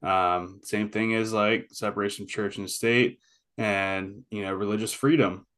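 A man's voice: fairly low pitch, steady tone, measured pace, a bit bright. A man co-hosting a podcast, chatting casually in short, plain sayings. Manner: easygoing, speaks in short plain maxims. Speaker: podcast co-host. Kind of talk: casual chat.

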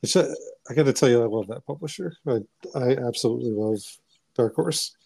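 A man hosts a casual podcast interview with a warm, mellow voice. He sounds eager but halting, and the recording is close and dry. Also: medium pitch, gravelly, no room sound. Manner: eager, halting, keeps saying awesome. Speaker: podcast host.

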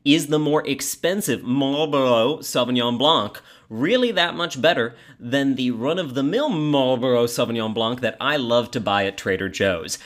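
A man's voice: medium pitch, animated, moderate pace, few pauses, fairly bright tone, soft background music. Playful man hosting a wine podcast. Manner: jokey, playful, self-deprecating. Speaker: podcast host. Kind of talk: comedic wine podcast banter. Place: podcast studio.

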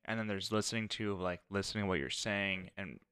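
A man's voice: low voice, steady tone, a little fast, sharp tone, clear, resonant tone, no echo, studio quality. A young man co-hosting a podcast with his wife, easygoing and thinking aloud with fillers. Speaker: podcast co-host. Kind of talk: casual chat. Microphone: close studio mic.

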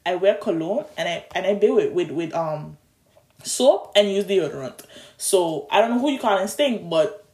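A young adult, telling a long story in a casual, animated way, with restarts and stumbles, recorded on a phone. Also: medium pitch, moderate pace, echoey room. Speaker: vlogger.

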